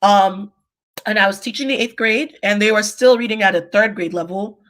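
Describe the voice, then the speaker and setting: A young adult woman, a teacher, telling classroom stories in a lively conversational way, jumping up in pitch when she quotes children. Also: normal speed. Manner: animated, acts out quotes with sudden high pitch jumps. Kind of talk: conversational storytelling.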